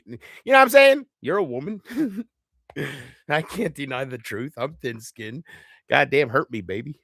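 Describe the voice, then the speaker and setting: A man's voice: fairly high pitch, a bit bright, no room sound, clean studio sound. A man rambling in a live chat, profane and self-mocking, laughing often between thoughts. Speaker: livestream host.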